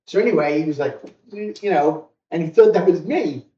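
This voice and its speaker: A man co-hosting a podcast, telling stories in a rambling, animated way and acting out other people's lines. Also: on the high side, fairly quick. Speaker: podcast co-host. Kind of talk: casual storytelling chat. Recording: roomy, distant, muffled home recording.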